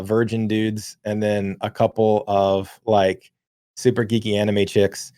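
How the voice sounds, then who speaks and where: A man's voice: mid-range voice, darkish tone, dry recording, clean studio sound. A man in his thirties co-hosting a podcast, telling a long story casually with lots of swearing and filler words. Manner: rambling, profane, many fillers. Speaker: podcast co-host.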